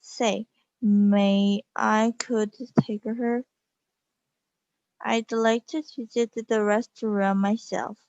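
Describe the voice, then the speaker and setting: A woman's voice: medium pitch, level tone, slow pace, darkish tone, dry recording. A woman voicing a meek, hesitant white-haired old lady, in a dull lo-fi recording.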